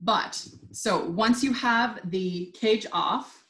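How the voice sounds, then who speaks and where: Upbeat young woman as a wine instructor, mid-range pitch, roomy echo. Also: very slow, a bit bright. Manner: bubbly, chatty and upbeat. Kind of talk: live online wine tasting lesson.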